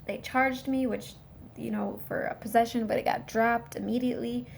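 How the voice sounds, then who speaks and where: A woman's voice: a little high, fairly even intonation, normal speed, vocal fry, slight background noise. A woman vlogger telling a rambling personal story straight to her viewers in a casual way.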